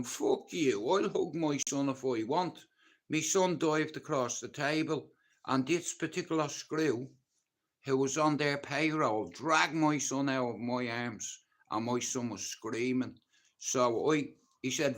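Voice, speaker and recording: A man's voice: mid-range voice, measured pace. Blunt, cursing man with a Dublin accent. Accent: Dublin Irish. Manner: blunt, heavy swearing, intense and emotional. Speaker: livestream host telling his life story. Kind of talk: casual storytelling monologue.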